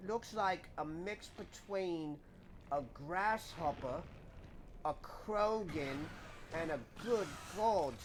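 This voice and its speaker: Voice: mid-range voice, a little hiss or hum, close to an everyday voice. A streamer putting on a cartoonish British bloke. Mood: mock-outraged. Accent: put-on British. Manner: over-the-top slang, drawn-out indignant rambling. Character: exaggerated slangy Brit, adult, dramatic and mock-outraged. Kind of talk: live gameplay commentary in a put-on voice.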